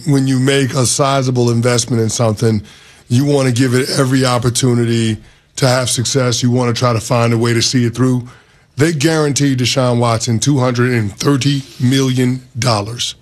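Measured man co-hosting sports radio. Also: medium pitch.

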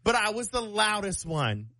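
A young man co-hosting a radio show, telling an embarrassing story in a lively, self-mocking way. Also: high-pitched, no room sound. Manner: animated, self-mocking, quick bursts. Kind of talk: casual morning-show storytelling.

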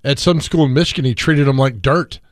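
A man's voice: medium pitch, a little fast, no room sound, studio quality. A middle-aged man hosting a sports radio show, chatting casually and telling stories with an easy laugh. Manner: laid-back, storytelling, laughs often.

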